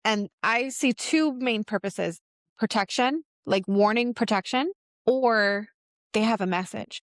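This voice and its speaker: A woman co-hosting a casual spiritual podcast, telling stories in an animated way and acting out the quotes. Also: fairly high pitch, measured pace, no room sound, clean studio sound. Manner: animated storyteller, acts out quotes, laughs often. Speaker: podcast co-host.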